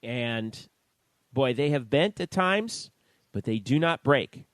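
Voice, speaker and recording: A man's voice: medium pitch, animated, no room sound. Man with a dry, close sound, reading stats. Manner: reads out stats in a slow, measured way. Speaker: podcast co-host. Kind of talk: sports talk podcast.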